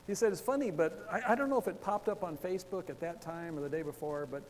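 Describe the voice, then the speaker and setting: A man preaching a sermon in a loose, chatty way, full of asides and quick laughs. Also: high voice, in a large hall. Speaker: pastor. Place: church.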